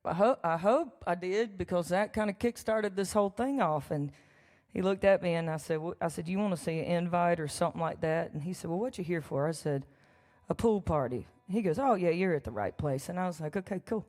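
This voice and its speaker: A woman's voice: lowish voice, a little fast, a little mellow. A woman telling a joking, chatty story to a live audience between songs. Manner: chatty, folksy and joking, with laughs and asides to the crowd. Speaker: songwriter performing live. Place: large church hall with a live audience. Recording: long reverb of a large hall.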